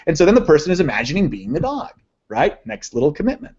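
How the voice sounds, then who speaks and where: A man's voice: a little high, very animated, fast, darkish tone, husky, lo-fi sound. A man presenting a live online lesson on sales copywriting, enthusiastic and conversational, often checking in with his listeners. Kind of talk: live online teaching session.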